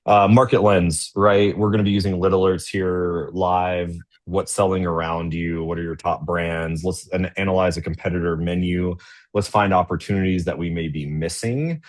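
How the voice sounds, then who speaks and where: A man with a low voice and fairly even intonation speaks at a normal pace while presenting a business webinar. He talks casually into a computer mic on a video call, conversational throughout and often checking in by tagging sentences with "right?"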